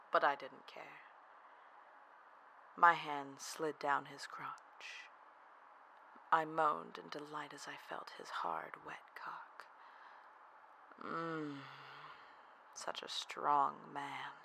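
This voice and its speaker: A narrator telling a first-person erotic audio story in a soft, half-whispered, breathy delivery. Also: mid-range voice, a little hiss or hum, low-quality recording.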